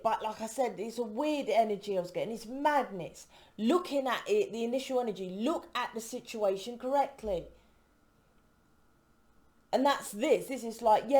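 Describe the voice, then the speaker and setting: A woman from the UK gives a casual tarot reading to camera in a mellow voice on the high side. She's emphatic and rambling, breaking off mid-word and asking "right?" to win agreement.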